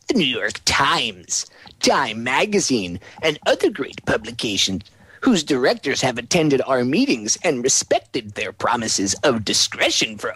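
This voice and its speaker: Sly old villain with a subdued, creepy voice, slow and low, read by a man. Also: pushed and bright, breathy edge, no echo, exaggerated voice, rough recording. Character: old wrinkled evil elite banker, sly.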